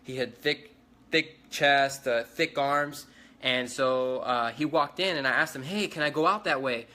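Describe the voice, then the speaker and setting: Young man, eyewitness, bright forceful voice, urgent rambling retelling, phone livestream. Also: mid-range voice, measured pace. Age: young adult. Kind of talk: casual livestream account.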